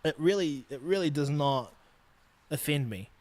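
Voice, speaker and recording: Brief: young New Zealand-accented man, swearing podcast host, slightly high voice, dry close sound. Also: expressive, moderate pace, darkish tone, no echo. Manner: blunt and profane, laughing between points. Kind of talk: casual solo podcast rant.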